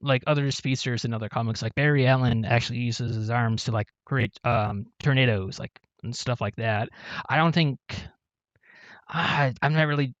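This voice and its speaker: A man's voice: medium pitch, moderate pace, a bit bright, no echo. A man hosting a casual talk about comics, recapping plots with many ums and restarts. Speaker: podcast host. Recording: dull, dry lo-fi sound.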